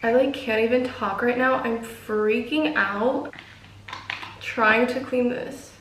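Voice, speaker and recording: A young woman talks casually to her viewers in a home vlog, chatty and nervous. Her voice sits a little high. It is picked up from a few steps away in a room with echo. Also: steady tone, takes it slowly, a bit bright, distant mic, a little hiss or hum. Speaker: vlogger.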